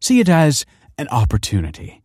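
A man's voice: a little high, wildly swooping pitch, normal speed, darkish tone, slightly rough, dry recording, studio quality, pitched above the performer's own voice, exaggerated voice. A man reading a story aloud and voicing a stern woman school principal who speaks in a formal, officious way.

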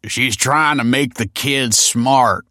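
A man voicing a blunt, tactless middle-aged delivery man who yells his words slowly. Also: medium pitch, no room sound, clean studio sound, pitched above the performer's own voice.

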